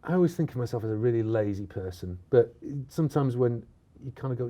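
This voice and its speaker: A man's voice: medium pitch, quick pace. A man with a Yorkshire accent talking animatedly in a casual interview, often restarting and joking at his own expense. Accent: Yorkshire (Bradford). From Bradford, England. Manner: animated, restarts often, self-mocking asides. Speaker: actor, interview guest.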